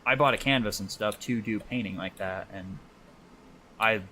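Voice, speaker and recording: A man's voice: on the low side, normal speed, pushed and bright, a little hiss or hum. A man co-hosting a podcast in loose casual chat, swearing freely and laughing often while he draws. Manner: talks while drawing. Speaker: podcast co-host.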